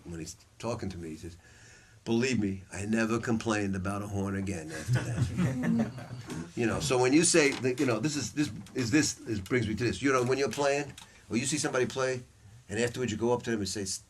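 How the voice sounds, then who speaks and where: Speaking quickly at a medium pitch, a man runs a saxophone masterclass in a music store, swearing liberally and telling stories with bluntness.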